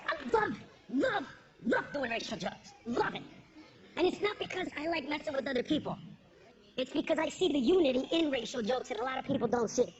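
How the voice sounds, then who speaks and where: High-voiced woman doing punchy stand-up. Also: animated, fairly quick. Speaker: stand-up comedian. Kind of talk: stand-up comedy set. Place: stage before a live audience. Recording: lo-fi with background noise.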